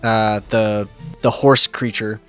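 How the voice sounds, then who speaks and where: A man narrating a tabletop game as game master, unhurried and pausing to search for words. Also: fairly low pitch, level tone, a bit bright, soft background music.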